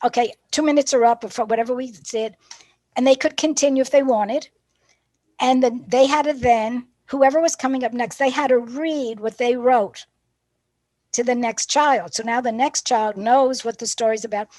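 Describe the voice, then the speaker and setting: Animated woman teacher trainer, fairly high voice. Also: moderate pace, no echo. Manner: lively storyteller who acts out classroom dialogue. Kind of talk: professional development talk with classroom anecdotes.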